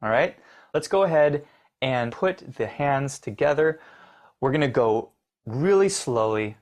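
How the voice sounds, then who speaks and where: A man's voice: mid-range voice, animated, measured pace. A man teaching piano, explaining rhythm step by step with encouragement and counting the beats aloud. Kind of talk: instructional lesson. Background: piano playing.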